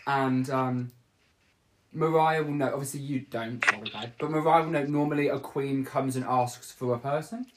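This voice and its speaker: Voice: medium pitch, steady tone, moderate pace. Podcast host, casual chat, rambling, chatty, laughing, faint background noise.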